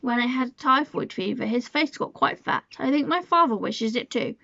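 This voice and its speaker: A sickly, petulant young boy from a storybook, voiced by a woman reading aloud. He sounds fretful, his voice high and gravelly. The recording is dull and lo-fi with a dry, close sound. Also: animated, moderate pace, bright, forceful tone, no echo, exaggerated voice.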